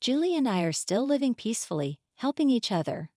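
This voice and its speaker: A woman narrating a scripted first-person story in a calm, steady way. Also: on the high side, fairly quick, no echo, studio quality.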